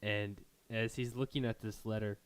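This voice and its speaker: A man's voice: lowish voice, fairly even intonation, normal speed, clean tone. A man narrating a tabletop game as game master in a casual, rambling way with many fillers.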